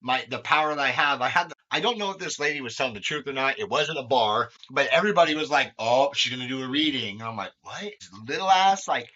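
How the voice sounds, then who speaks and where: Bright-voiced man rambling candidly. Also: medium pitch, lively intonation, fast talker, few pauses. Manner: rambling, swears often, lots of fillers. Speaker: podcast host. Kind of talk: candid conversational chat. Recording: dull lo-fi sound.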